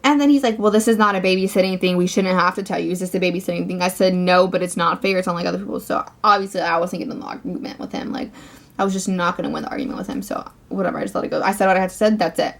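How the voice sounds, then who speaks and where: A woman's voice: on the low side, fairly even intonation, rapid-fire, creaky. A teenage girl vlogger telling a storytime rant, swearing often and saying "like" constantly. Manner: ranting, profane, filler-heavy.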